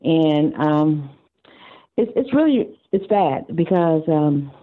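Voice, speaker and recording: Lady caller, lowish voice, hesitant with lots of ums, tinny phone line. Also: lively intonation, slow pace.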